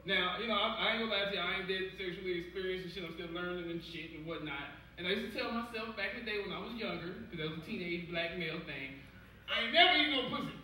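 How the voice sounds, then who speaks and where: A young man from Cincinnati in his twenties doing a stand-up set, telling stories in a loud, profane, animated way. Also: high voice, fast, few pauses, slight background noise. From Cincinnati, USA. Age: 20s. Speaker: stand-up comedian. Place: comedy club stage. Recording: echoey club, distant mic, loud crowd.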